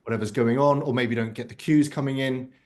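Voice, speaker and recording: A man's voice: medium pitch, steady tone, fast, darkish tone. A man leading a live online masterclass on a video call, explaining ideas in a conversational way and checking in with "right?". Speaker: workshop instructor.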